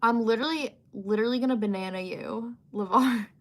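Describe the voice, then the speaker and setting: A woman's voice: fairly high pitch, brisk. A young woman hosting a livestream, chatting casually and reading out viewer comments, with lots of fillers and giggly asides. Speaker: livestream host.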